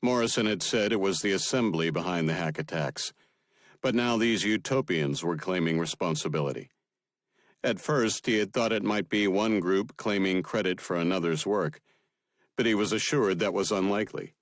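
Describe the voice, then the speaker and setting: A man narrating an audiobook in a steady, measured manner. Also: low voice, no room sound, studio quality.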